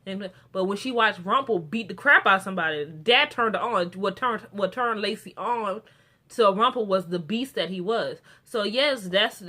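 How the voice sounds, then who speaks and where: A young woman recapping a TV episode in a casual, rambling way, full of restarts and fillers. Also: mid-range voice. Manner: gets excited and animated about the characters. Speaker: TV show reviewer.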